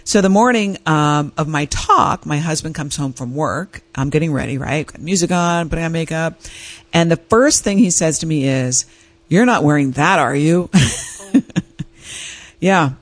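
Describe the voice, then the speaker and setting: A woman hosting an advice show, telling personal stories in a candid, animated way with frequent laughs. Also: low voice, unhurried. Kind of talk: casual talk-show monologue.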